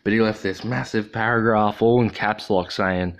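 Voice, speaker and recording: A man's voice: lowish voice, fairly even intonation, normal speed, hardly any pauses. An Australian man hosting a livestream, talking in a rambling, profane, joking way. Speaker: livestream host. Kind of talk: casual livestream chat.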